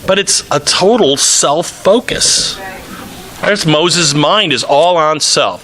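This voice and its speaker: High, bright-voiced male preacher. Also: takes it slowly. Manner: animated preaching, reads scripture aloud and acts out quotes. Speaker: pastor. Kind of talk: sermon.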